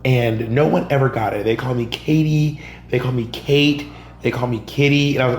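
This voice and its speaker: A man's voice: medium pitch, fairly even intonation, fast, a little mellow. A man from Georgia in the US, a guest on a podcast, telling stories animatedly and acting out other people's lines. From Georgia, USA. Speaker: podcast guest, drag performer and comedian. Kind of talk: casual storytelling in an interview. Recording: roomy echo with a faint hum.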